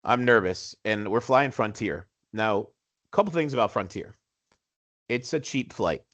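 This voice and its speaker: A man in his forties, a podcast co-host, telling a story in casual chat with animated, self-mocking humor. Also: lowish voice, a little slow. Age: 40s.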